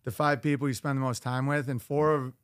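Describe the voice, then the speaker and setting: A man's voice: medium pitch, flat delivery, fairly quick, clean tone. A man from Upstate New York talking as a comedian guest on a studio podcast, telling loose stories and slipping into mock voices. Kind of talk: casual podcast conversation.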